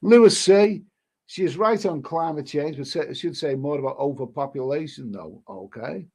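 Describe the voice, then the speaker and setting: A man's voice: on the high side, lively intonation, normal speed, darkish tone, husky. A man hosting a casual live stream, reading viewer comments aloud and answering them with rambling, chuckling asides and many restarts.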